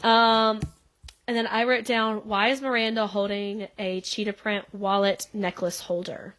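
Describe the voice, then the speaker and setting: A woman's voice: mid-range voice, level tone, unhurried, fairly bright tone. A young woman co-hosting a podcast, chatting casually and laughing often, with lots of "like" fillers. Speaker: podcast co-host. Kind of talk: casual recap chat.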